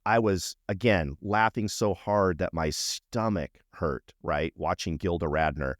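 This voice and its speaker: A man's voice: sits low, a little slow, no echo, clean studio sound. A middle-aged man co-hosting a podcast, telling stories in casual chat and checking in with asides. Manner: animated storytelling, frequent "right?" asides. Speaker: podcast co-host.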